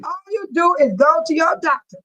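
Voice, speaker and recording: High-voiced woman laughing through a livestream. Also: lively intonation, normal speed, bright, forceful tone, rough recording. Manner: laughing often, reading out viewer comments. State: laughing to tears. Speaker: livestream host. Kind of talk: casual livestream chat with viewers.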